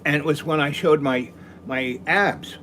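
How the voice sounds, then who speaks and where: An older man from New York City hosting a live stream, telling rambling stories and often clearing his throat. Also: fairly high pitch, a little slow, pushed and bright, slight background noise. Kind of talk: rambling storytelling.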